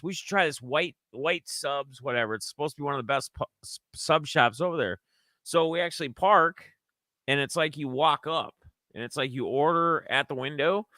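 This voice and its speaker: A man's voice: mid-range voice, bright, forceful tone, dry recording. A young man from Minnesota casually recapping a trip, rambling and acting out his friends' lines in raised voices. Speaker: sports card collector vlogger.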